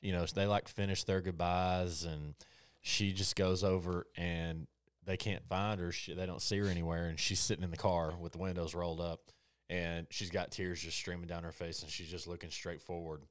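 Low-voiced man, smooth and close-miked, reflective podcast co-host. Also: flat delivery, no echo. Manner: reflective, halting with restarts. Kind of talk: casual conversational storytelling.

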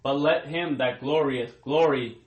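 A man's voice: mid-range voice, unhurried, reverberant, poor audio. Man reading scripture from farther off. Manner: formal, declaiming reading. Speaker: scripture reader. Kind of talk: reading Bible verses aloud.

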